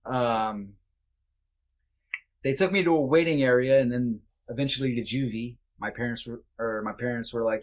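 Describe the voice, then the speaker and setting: Mid-range in pitch and speaking at a normal speed, a male podcast guest opens up about a personal story. He's blunt, sometimes profane, and chats loosely with plenty of fillers.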